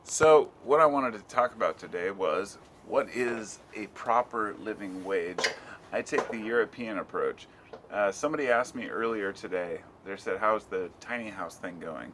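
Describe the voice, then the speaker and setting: A man's voice: fairly low pitch, moderate pace, a bit bright, a little hiss or hum. A middle-aged American man talking at home in a loose, rambling vlog, swearing casually. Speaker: vlogger.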